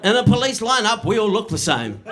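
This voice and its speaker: A man's voice: high voice, fairly quick. Punchy New man doing stand-up. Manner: punchy, deadpan delivery with frequent "right?" asides to the crowd. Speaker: stand-up comedian. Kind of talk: stand-up comedy set.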